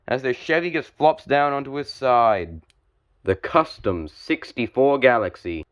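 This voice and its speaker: Commentating on a joust between toy cars, a young man speaks in a medium pitch, mostly even and controlled. Big collisions make his voice spike with sudden excitement.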